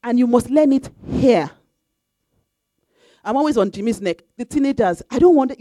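A woman's voice: a little high, very animated, normal speed, warm tone, dry recording. A woman preaching a sermon in an emphatic, repetitive way, now and then breaking into sung phrases. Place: church.

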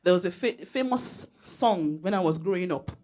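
Lively Nigerian woman preaching. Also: on the low side, normal speed. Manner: lively, storytelling, laughs often, emphatic exhortation. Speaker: church speaker. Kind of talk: sermon. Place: church.

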